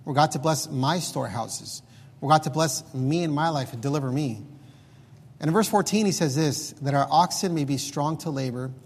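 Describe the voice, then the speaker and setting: A man's voice: on the high side, slightly rough, long reverb tail. A man preaching an earnest sermon, his volume swelling and dropping as he exhorts the congregation. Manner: earnest preaching, rising and falling loudness.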